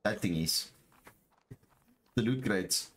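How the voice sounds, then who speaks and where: A man streaming a game live, talking to his chat and exclaiming over what he finds, with low murmurs that jump to excited shouts. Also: slow, slight background noise. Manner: excitable, repeats phrases, talks to chat. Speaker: gaming streamer. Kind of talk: live gameplay commentary.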